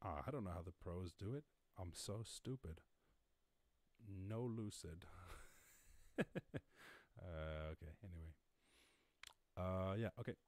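A man's voice: sits low, slow, long pauses, dry recording. A man hosting his own live stream from home, freestyling loose, profane, rambling rhymes and then signing off in a casual, self-mocking way. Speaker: podcast host. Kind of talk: freestyle rap over a beat, then casual sign-off. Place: home during lockdown. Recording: loud music bed behind the voice. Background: loud instrumental beat.

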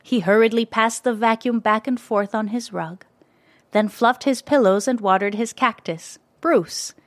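A woman narrating a children's story in a gentle, expressive way, close to the mic. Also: a little high, normal speed, dry recording.

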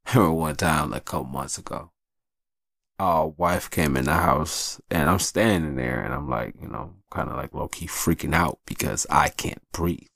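A man's voice: rumbling low, normal speed, gravelly, a bit bright, no room sound, studio quality. A man hosting a podcast, telling personal stories in a candid, profane, casual way. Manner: candid, profane, acts out voices in his stories. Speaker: podcast host. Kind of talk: casual storytelling monologue.

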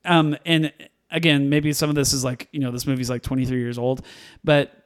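A man co-hosting a casual movie review podcast, talking in an animated way, laughing often and acting out lines from the film. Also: medium pitch, brisk, smooth. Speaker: podcast co-host.

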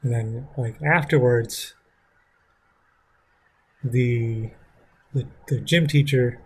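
A man's voice: mid-range voice, extremely slow, husky. A man casually telling a story from his school days, rambling with frequent swearing. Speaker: vlogger.

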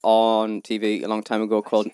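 A man's voice: lowish voice, monotone, brisk, warm tone, smooth, dry recording. A man hosting a podcast in casual chat, laid-back and swearing now and then. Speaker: podcast host.

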